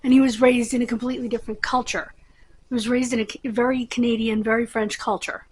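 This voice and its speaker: Middle-aged woman host, husky and a little high-pitched, loose and rambling to camera. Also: flat delivery, fast talker, darkish tone, poor audio. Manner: rambling, chatty, with many fillers. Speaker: channel host. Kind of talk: casual chat to camera.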